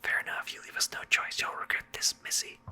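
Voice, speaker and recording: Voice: fairly quick, close to an everyday voice. A streamer whispering as a stern knight. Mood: commanding. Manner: commanding, read in a whisper. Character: stern male knight leading a capture squad. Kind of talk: whispered role-play.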